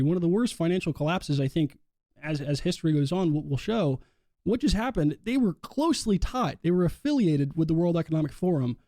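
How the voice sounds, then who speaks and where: Male host, probing questions, mellow, dry recording. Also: on the high side, dry recording. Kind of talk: interview questions. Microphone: video call.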